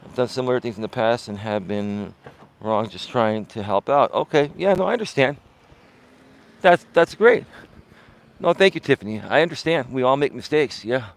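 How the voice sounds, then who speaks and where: A middle-aged life coach hosts a live stream, speaking with heavy emphasis at a moderate pace. His delivery swings between highs and lows.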